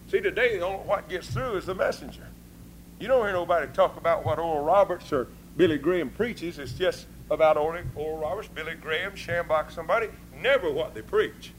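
A man preaching a sermon with folksy, informal grammar, swinging between hushed talk and fervent shouting. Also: high-pitched, expressive, moderate pace, a little hiss or hum, poor audio.

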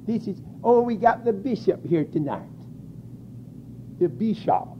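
A man preaching a sermon, crying out scripture at full force and then dropping to quiet, low asides. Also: expressive, unhurried, highs cut off, a little hiss or hum.

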